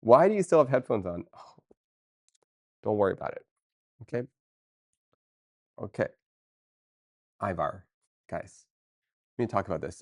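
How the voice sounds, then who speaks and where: A woman chatting casually with her viewers on a live stream, excitable and playful, talking straight to chat. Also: very deep voice, moderate pace, long pauses. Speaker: livestreamer.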